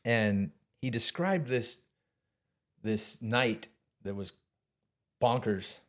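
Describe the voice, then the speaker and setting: A man guest telling a long personal story in casual talk, animated, swearing and restarting often. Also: on the low side, drawn-out words. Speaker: podcast guest.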